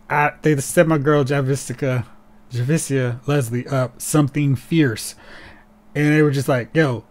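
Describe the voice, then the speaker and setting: A man co-hosting a casual podcast, talking in an animated, sarcastic way and slipping into mocking voices. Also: medium pitch. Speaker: podcast co-host. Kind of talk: casual chat.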